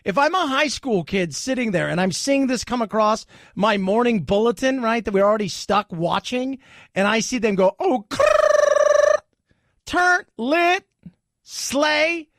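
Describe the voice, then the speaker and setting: A man's voice: high-pitched, expressive, normal speed, no echo, clean studio sound. A man hosting a talk radio show, joking and sarcastic in a rambling commentary.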